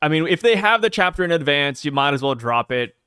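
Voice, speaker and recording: A man co-hosting a podcast in a lively, animated voice, recorded dry and close. He cracks crude jokes and then slows down to explain release dates. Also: on the high side, smooth, no echo. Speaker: podcast co-host. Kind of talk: casual chat.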